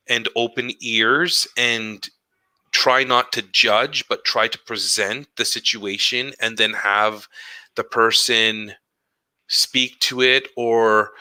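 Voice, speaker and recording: A middle-aged man, an educator co-hosting a podcast, chatting casually and telling animated stories that act out quoted dialogue. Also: on the low side, no echo, poor audio. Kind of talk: casual chat.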